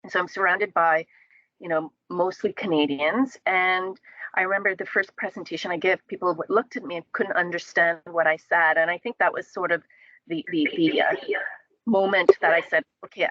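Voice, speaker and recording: Thoughtful low-voiced woman on dull audio. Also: steady tone, normal speed, a bit bright, no echo. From Caribbean. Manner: thoughtful, with many fillers and restarts. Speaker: panelist. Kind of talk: casual panel discussion.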